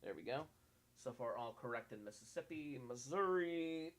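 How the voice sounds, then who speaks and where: A man's voice: medium pitch, sing-song, unhurried, a bit bright. Chatty man hosting live election coverage. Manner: chatty, self-mocking, restarts often while checking numbers. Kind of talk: casual live-stream commentary.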